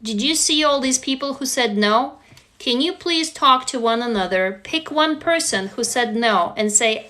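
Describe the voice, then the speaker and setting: A woman with a slightly high voice talks straight to her viewers on a phone livestream. She sounds earnest and reassuring, and her casual speech is full of fillers. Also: animated, moderate pace, pushed and bright. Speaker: livestream host answering viewers. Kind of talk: casual live-stream talk.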